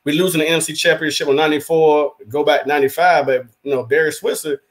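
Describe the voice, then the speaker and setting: A man with a voice on the high side talks quickly while co-hosting a casual sports talk podcast. A fan of a rival team, he rambles animatedly and acts out quotes as he goes.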